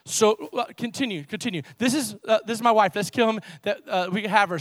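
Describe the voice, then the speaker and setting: High-voiced preacher, animated and dry. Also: male voice, quick pace, dry recording. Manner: animated preaching, swings between loud emphasis and low asides. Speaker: pastor. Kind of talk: sermon. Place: church.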